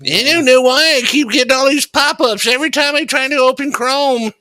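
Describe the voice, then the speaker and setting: Very bright, high-voiced joking man. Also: a little fast, no echo. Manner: joking, mock-helpless. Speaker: radio show co-host. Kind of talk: casual comedic chat.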